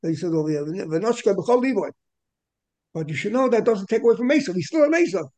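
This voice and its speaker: Male Torah teacher, high-pitched and mellow, repetitive and digressive. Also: sing-song, rapid-fire. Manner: repetitive, digressive explaining with Hebrew terms. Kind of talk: Torah class lecture.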